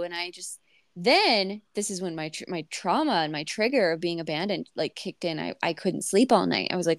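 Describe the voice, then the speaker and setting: A woman's voice: fairly low pitch, expressive, normal speed, no room sound, clean studio sound. A woman in her thirties telling a personal story on a podcast, candid and emotional, with many fillers and restarts. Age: 30s. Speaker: podcast host.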